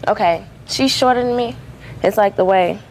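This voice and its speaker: A woman's voice: medium pitch, normal speed, a little mellow, a little hiss or hum, low-quality recording. A woman defendant telling her side in court, rambling and full of fillers and restarts. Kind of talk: courtroom testimony.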